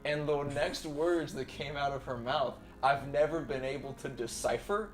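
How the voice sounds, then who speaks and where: A man's voice: medium pitch, normal speed, soft background music. Laughing young man telling wild stories. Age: young adult. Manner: animated storyteller, swears freely, laughs through his stories. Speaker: podcast host. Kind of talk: casual chat.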